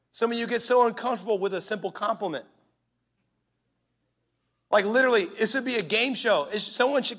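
A man with a strikingly high voice, gravelly at the edges and bright in tone. He preaches a sermon as a pastor, with impassioned, punchy delivery.

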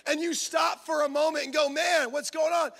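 A man preaching a sermon in a church, animated, acting out little scenes and shouting for emphasis. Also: very high voice, normal speed. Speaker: pastor.

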